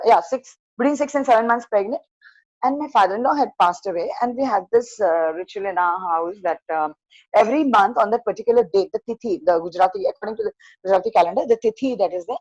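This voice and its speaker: Older woman telling a hushed ghost story. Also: on the high side, dry recording, highs cut off. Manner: animated, acts out dialogue in a hushed voice. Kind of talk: first-person horror story at an open mic. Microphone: video call.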